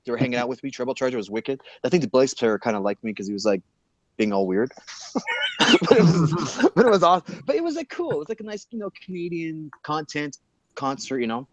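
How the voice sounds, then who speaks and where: A man telling a backstage story in casual chat, animated and swearing, acting out the people he quotes. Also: medium pitch, fast, dry recording.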